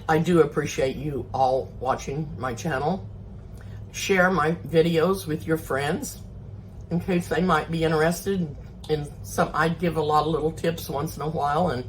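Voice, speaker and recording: A woman's voice: deep voice, slight background noise, poor audio. An older woman, hosting a casual home cooking demonstration in a homey, chatty way and eating as she talks. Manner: homey, chatty, eats while talking. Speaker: cooking channel host.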